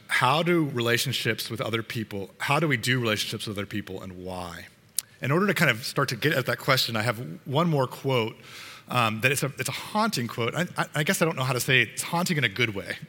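A man's voice: medium pitch, pushed and bright, big-room sound. A man preaching a sermon to his congregation in an earnest, conversational way, sometimes restarting his sentences. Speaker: pastor.

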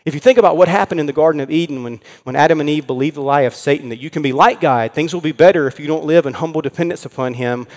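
A man delivers an earnest sermon in a church, slowing down to land his key points. His voice sits a little higher than most men's. A long reverb trails each phrase. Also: a little mellow. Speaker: pastor.

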